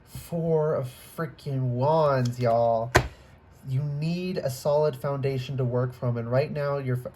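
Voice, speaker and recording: A tarot reader giving a casual, rambling reading to camera indoors, often trailing off, restarting and becoming emotional. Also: mid-range voice. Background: faint computer fan hum.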